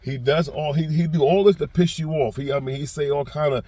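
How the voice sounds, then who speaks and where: A man's voice: on the high side, fairly even intonation, a little fast, no echo. A man with a New York accent giving a casual commentary monologue as a reaction vlogger, rambling with repeated restarts and growing heated when he acts out quotes. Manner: gets loud and heated when acting out quotes.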